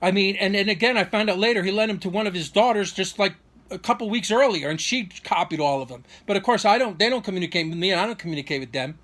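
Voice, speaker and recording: A middle-aged man recounts a personal grievance in a rambling monologue, stopping to restart and throw out rhetorical questions. His voice sits high for a man. He sounds wronged and indignant throughout. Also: quick pace, fairly bright tone. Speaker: vlogger.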